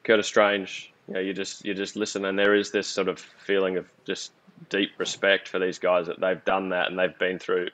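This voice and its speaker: A man, a former champion golfer, talking reflectively on a podcast, pausing often with fillers. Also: low-pitched, monotone, fairly bright tone, rough recording. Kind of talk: casual podcast chat.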